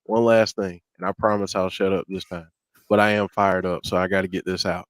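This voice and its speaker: A man's voice: sits low, little pitch movement, brisk, no room sound. A man co-hosting a wrestling talk show, ranting and getting fired up in casual chat. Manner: ranting, gets fired up, self-interrupting. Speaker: podcast co-host.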